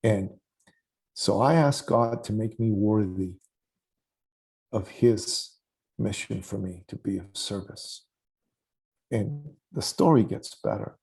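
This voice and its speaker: A man in his forties with a gravelly, husky voice, talking as a guest in a conversational interview. He tells his story with animation and slips into the voices of the people he quotes. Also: on the low side, mellow. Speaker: podcast guest.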